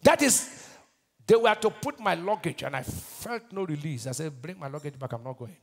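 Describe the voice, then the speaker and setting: A Nigerian pastor preaching a sermon, asking the congregation to finish his lines and swinging between shouted bursts and quiet asides. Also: on the high side, animated, moderate pace, vocal fry. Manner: call-and-response preaching, asks the crowd to finish his lines.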